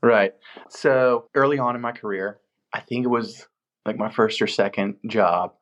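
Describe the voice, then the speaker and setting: A man with a slightly low voice tells stories from a film set in a relaxed interview. He acts out the people he quotes with lively jumps in pitch, then settles back into easy storytelling. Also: measured pace, lo-fi sound. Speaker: film location manager, guest.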